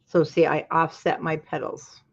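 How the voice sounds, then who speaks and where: A chatty woman from Utah walks viewers through a craft project, with plenty of friendly asides along the way. Her voice sits a little low for a woman. The sound is somewhat dull and lo-fi. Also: flat delivery, moderate pace, gravelly. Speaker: craft show host. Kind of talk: live craft tutorial.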